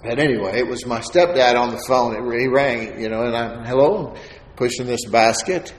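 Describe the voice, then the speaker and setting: A man giving a sermon testimony as a preacher, telling his story in an animated way and acting out the voices of the people in it. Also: mid-range voice, normal speed. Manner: animated storyteller, acts out quoted voices with laughter. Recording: echoey hall with faint ambience.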